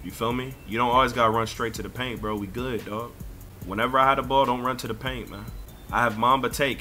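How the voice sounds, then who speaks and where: Bright-voiced young man arguing over voice chat. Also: medium pitch, steady tone, a little fast, faint music behind. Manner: bossy, argumentative, gets loud and defensive. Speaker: gamer streaming a pickup basketball game. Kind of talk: heated gaming voice chat.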